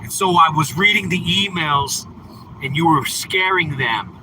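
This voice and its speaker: A man's voice: fairly high pitch, measured pace, pushed and bright, a little hiss or hum, low-quality recording. Teasing man streaming from a car. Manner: teasing, mocking viewers in chat. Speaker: livestreamer. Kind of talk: casual livestream chat. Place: in a car on a snowy road.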